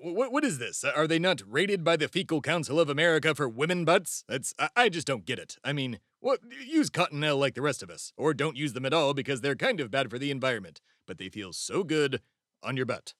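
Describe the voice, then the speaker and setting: A man's voice: a little high, fairly bright tone. A young man from Texas hosting a satirical comedy podcast, rambling and stumbling in a mock-pompous rant. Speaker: podcast host.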